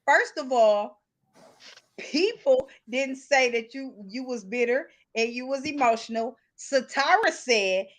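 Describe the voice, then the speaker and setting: A woman hosts a live call-in podcast, with heated, casual talk, speaking bluntly and emphatically and repeating herself to hold the floor. Her voice is high-pitched, expressive and slow, and the recording is rough.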